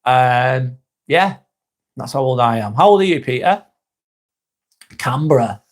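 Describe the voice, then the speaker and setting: A man's voice: mid-range voice, animated, unhurried. A man, hosting a casual live stream, chatting to viewers by name, laid-back and swearing freely. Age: 40s.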